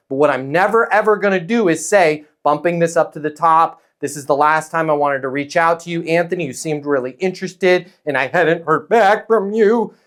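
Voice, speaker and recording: A man coaching a live audience on sales, energetic and direct, repeating his key lines. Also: sits high. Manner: energetic, acts out sales calls.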